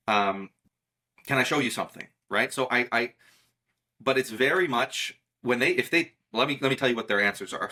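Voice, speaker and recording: Emphatic man with a bright voice. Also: medium pitch. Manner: emphatic, insistent, repeats words to drive a point. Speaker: guest magician and mentalist. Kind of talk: casual conversation.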